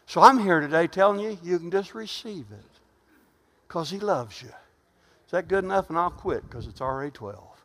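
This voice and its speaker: A middle-aged man preaching in a church, his voice pitched high for a man. He shifts between hushed storytelling and loud, fervent calls. A long reverb from the hall trails every line. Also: animated, normal speed. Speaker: pastor. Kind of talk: sermon.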